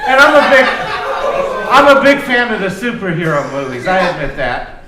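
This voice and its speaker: A high-pitched man works through a stand-up comedy set, loose, profane and quick to mock himself. His voice rings in an echoey club, with a crowd laughing loudly behind him. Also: very animated. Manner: self-deprecating, loose, profane. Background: audience laughter.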